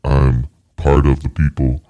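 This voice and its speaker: A man's voice: very deep voice, completely flat delivery, measured pace, dark tone, highs cut off. A man co-hosting a comedy podcast, rambling and riffing in casual banter. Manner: rambling, joking, riffs in bits. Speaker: podcast co-host.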